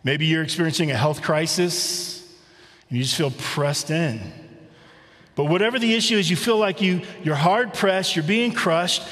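A middle-aged man delivers a sermon in a relaxed, conversational way, slowing down to read scripture aloud. His voice sits a little high for a man. It rings out in a church with a long echo. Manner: conversational preaching, rhetorical questions, reads scripture slowly. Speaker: pastor. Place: church sanctuary.

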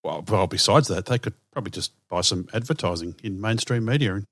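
A man's voice: lowish voice, animated, a little fast, a bit bright, no echo. A man, a podcast co-host, bantering in a jokey, teasing way. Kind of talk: casual banter.

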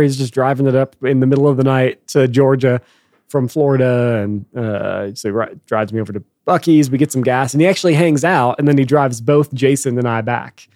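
A man's voice: medium pitch, a little mellow, no echo, clean studio sound. A young man co-hosting a podcast, recounting a story in an easygoing, matter-of-fact way. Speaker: podcast co-host. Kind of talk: casual storytelling chat.

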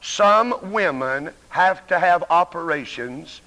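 Slow and expressive, an evangelist with a Southern American accent preaches emphatically to a church congregation in a voice on the high side, bright and forceful. He stumbles over restarts and calls out to the crowd, and the live sanctuary recording rings with long reverb.

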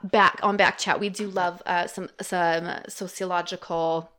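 A young non-binary podcast co-host chatting casually, full of "like" fillers and quick laughs. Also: medium pitch, little pitch movement, sharp tone, clear, resonant tone. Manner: chatty, giggly, lots of "like" fillers. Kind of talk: casual chat.

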